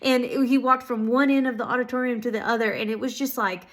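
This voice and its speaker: A woman telling stories of answered prayer to her viewers, casual and excited, with lots of "um"s and "like"s. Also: fairly high pitch, fast talker. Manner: excited, filler-heavy, many "like"s and "um"s. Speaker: ministry school student. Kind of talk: casual testimony storytelling.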